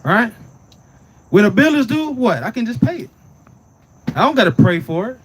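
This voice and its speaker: A man's voice: very high-pitched, sing-song, normal speed, husky. A man teaching scripture in a casual preaching way, often asking "right?" and "you understand?" and telling the reader to read on. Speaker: Bible teacher.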